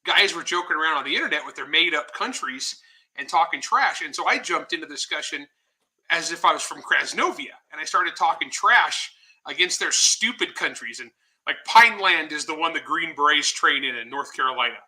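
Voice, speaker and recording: A man being interviewed as a guest author over a video call, telling animated, joking anecdotes. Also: on the high side, fairly quick. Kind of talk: casual storytelling interview.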